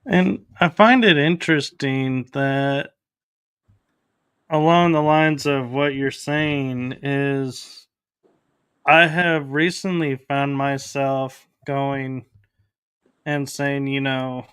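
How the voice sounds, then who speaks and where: A man hosting a conversational interview, speaking in a measured, reflective way. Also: mid-range voice, fairly even intonation, a bit bright, smooth, dry recording, studio quality. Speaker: podcast host.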